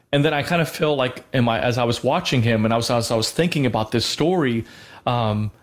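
An earnest man in his thirties talks through a teaching on a Christian talk show. He speaks at an ordinary mid pitch, leaning on fillers and restarting his sentences as he thinks aloud. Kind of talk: conversational teaching.

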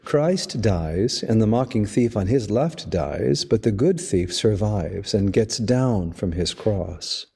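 A man, a priest hosting a podcast, giving a measured, storytelling homily. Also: on the low side, lively intonation, creaky, mellow, slightly rough. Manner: slow, measured, storytelling delivery. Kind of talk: reflective spoken homily.

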